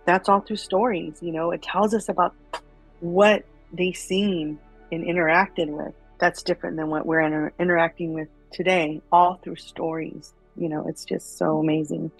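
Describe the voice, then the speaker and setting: Woman storyteller, casual and animated, with faint background music. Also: lowish voice, normal speed, low-quality recording. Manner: animated, chatty, many fillers.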